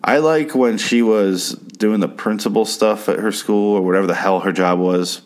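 Sarcastic low-voiced guy ranting. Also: normal speed. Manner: sarcastic, crude, rambling, mimics characters in high voices. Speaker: TV show recapper. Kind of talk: casual spoken TV recap.

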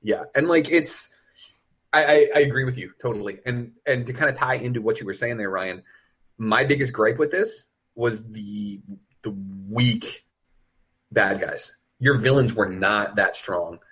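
A man's voice: mid-range voice, measured pace, a bit bright, slightly rough. A man co-hosting a podcast, talking casually and animatedly about a film. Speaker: podcast co-host.

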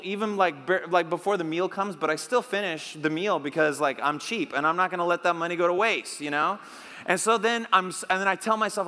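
A male pastor preaching a sermon in a playful, animated way, leading the congregation in repeat-after-me phrases. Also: high-pitched. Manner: animated, playful, leads call-and-response with the congregation. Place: church hall. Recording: long hall reverb.

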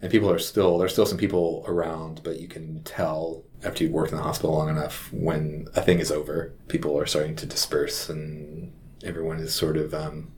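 A man who works as a hospital chaplain, telling a personal story in a reflective, halting way. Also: a bass voice, darkish tone, slight background noise.

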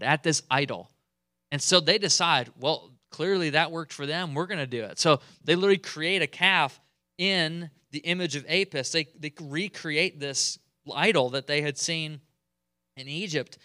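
A male pastor preaching a sermon in a conversational, animated way. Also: a little high, no room sound, clean studio sound. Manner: conversational, animated, chuckles often.

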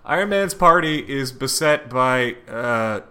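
A man's voice: medium pitch, expressive, takes it slowly, sharp tone. A man co-hosting a casual podcast, recapping a story in a laid-back way with casual swearing. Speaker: podcast co-host. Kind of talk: casual chat, recapping a comic.

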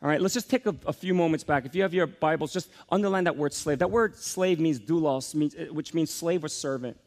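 A man in his forties preaches a sermon fairly quickly in his role as pastor. The delivery is emphatic, climbing from soft lows up to energetic peaks.

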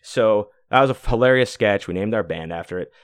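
A man's voice: fairly low pitch, brisk, clean tone, dry recording, clean studio sound. A man in his forties hosting a podcast, telling a long, rambling story in casual talk, full of fillers and cursing. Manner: rambling, profane, many fillers. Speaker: podcast host.

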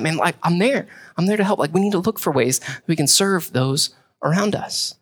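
A man, preaching a sermon in a conversational, animated way with quick asides. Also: high voice. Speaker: pastor.

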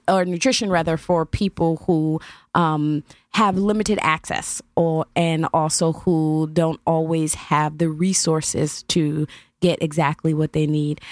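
A woman's voice: fairly low pitch, darkish tone, no echo, clean studio sound. A woman hosting an interview, enthusiastic and a little rambling, laughing often between questions. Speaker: host. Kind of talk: interview conversation.

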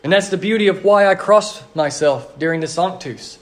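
Delivering a sermon, this male pastor has a voice that sits noticeably high. He speaks with earnest, repetitive liturgical rhythm and slows down whenever he stresses a phrase.

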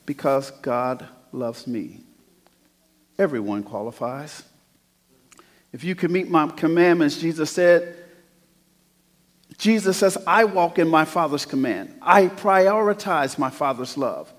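A man's voice: a little high, lively intonation, slow, long pauses. Preaching man in a reverberant church. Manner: swings from hushed to loud preaching. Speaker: pastor. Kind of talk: sermon. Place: church sanctuary.

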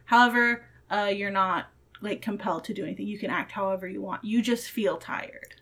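A woman narrating as game master of a tabletop game, giving rulings in an animated way with quick restarts. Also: medium pitch.

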